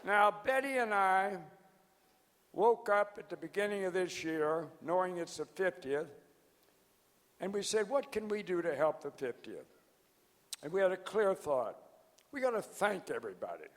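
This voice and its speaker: A man's voice: sits high, expressive, normal speed, pauses often. A man of ninety, hard of hearing, giving a folksy, joking anniversary speech that wanders as he loses his place. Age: 90s. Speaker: founder giving anniversary address. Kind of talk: rambling anecdotal speech to a crowd. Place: large event hall. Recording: large hall with faint crowd and noise.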